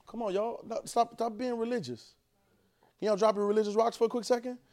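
A man preaching a sermon, urging the congregation to repeat lines after him and swinging between quiet, drawn-out talk and loud bursts. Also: high voice, fairly even intonation.

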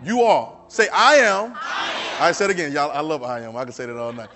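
High-voiced preacher leading call-and-response. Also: male voice, fairly quick, crowd noise, noisy background. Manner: swings from soft, low asides to loud, shouted exhortations; repeats phrases and restarts, urging the congregation to repeat after him. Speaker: pastor. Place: church service.

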